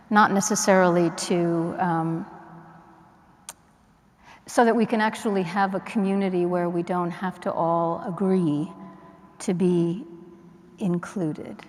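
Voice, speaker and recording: A woman panelist reflecting thoughtfully on stage, searching for her words as she goes. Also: on the low side. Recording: reverberant church hall.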